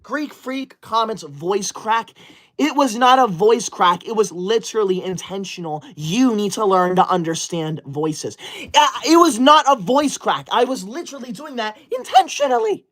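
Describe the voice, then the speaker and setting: A woman livestreams from home on a laptop setup, reading viewer comments aloud and scolding them indignantly in casual stream chat. Her mid-range voice has a sing-song quality at normal speed.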